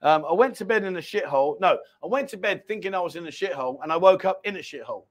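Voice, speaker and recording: A middle-aged man hosting a casual live chat show, talking in a rambling, animated storytelling way. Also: high-pitched, quick pace. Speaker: livestream host.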